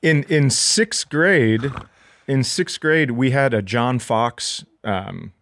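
A man's voice: medium pitch, takes it slowly, fairly bright tone. A man in his forties from Minnesota, a comedian guest talking in a laid-back, dry way with short answers. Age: 40s. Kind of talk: casual interview.

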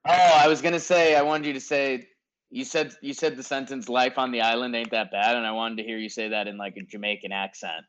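This podcast co-host chats casually about sports over a remote call from home in Denver, rambling along and throwing in "dude" often. He speaks fairly quickly with fairly even intonation in a mid-range, fairly bright voice, though the audio quality is poor.

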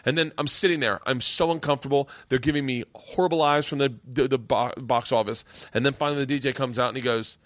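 A man's voice: mid-range voice, quick pace, few pauses, dry recording, clean studio sound. A man hosting a podcast and telling a story in a casual, profane way, acting out the people he quotes. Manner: profane, animated storyteller who acts out quotes. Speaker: podcast host, stand-up comedian.

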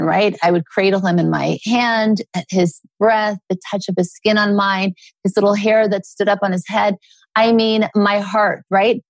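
A middle-aged woman, a guest author, talking earnestly in a relaxed interview and telling personal stories. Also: mid-range voice, dry recording. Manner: earnest, storytelling with acted quotes.

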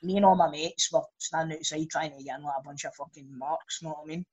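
A Scottish man telling sweary, animated stories in a casual podcast chat. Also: on the high side, fast, muffled recording.

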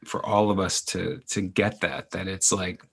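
Brief: man, podcast host, deep husky voice, encouraging and affirming. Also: flat delivery, a bit bright. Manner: encouraging, affirming, drawn-out thoughtful phrasing. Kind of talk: casual interview chat.

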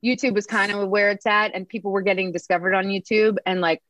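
A woman's voice: medium pitch, quick pace, no echo. A woman in her thirties from the United States, telling a long story as an interview guest and acting out quoted lines with lots of "like". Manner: animated, acts out quotes, lots of "like". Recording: dry, slightly muffled studio sound.

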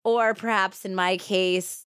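A woman's voice: mid-range voice, fairly even intonation, slow pace, a bit bright, clear, resonant tone, no echo, clean studio sound. A woman in her thirties co-hosting a true crime podcast, chatting and laughing between scripted narration. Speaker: podcast co-host.

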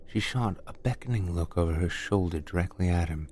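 Deep-voiced man narrating a horror tale. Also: a little mellow, a little hiss or hum. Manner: measured, deliberate, dramatic. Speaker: storyteller. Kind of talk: scripted horror story narration.

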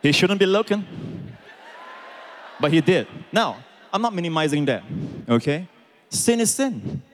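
A man preaching a sermon as pastor, swinging between quiet explanation and loud, shouted emphasis. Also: high voice, big pitch swings, unhurried. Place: large church auditorium with congregation.

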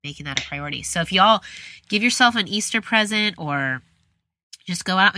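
A woman's voice: lowish voice, bright, forceful tone, no echo. A woman, hosting an interview in a chatty, rambling, self-deprecating way. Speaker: podcast host. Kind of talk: casual conversational interview.

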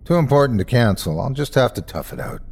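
A blunt, stubborn middle-aged office boss, voiced by a man. He talks in short, gruff bursts and will not give in. His delivery swings about with energy. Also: medium pitch, lively intonation, quick pace, a little mellow. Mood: gruff pained.

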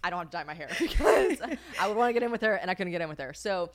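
A woman's voice: on the low side, sing-song, rapid-fire. Rambling, laughing young woman podcaster. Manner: rambling, swears often, laughs a lot. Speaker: podcast co-host. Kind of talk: casual chat.

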